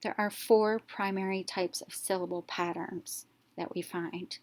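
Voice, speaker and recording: A woman teacher narrating a reading lesson, explaining step by step and sounding out letters clearly. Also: fairly low pitch, fairly even intonation, unhurried.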